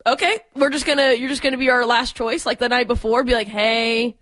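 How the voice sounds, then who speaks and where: A woman's voice: high-pitched, steady tone, fast, a bit bright. A woman co-hosting sports talk radio in a studio, blunt and opinionated.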